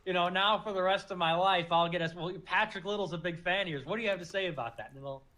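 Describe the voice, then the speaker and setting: A man debating, explaining his position step by step in a measured, argumentative tone. His voice sits high for a man. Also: sharp tone, low-quality recording.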